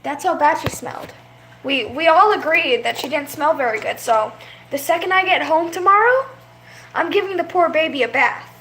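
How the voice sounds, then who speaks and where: A woman's voice: high voice, animated, normal speed, a bit bright, a little hiss or hum. A young woman chatting casually in a vlog, rambling about her pets and stopping to coo at them. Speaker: vlogger.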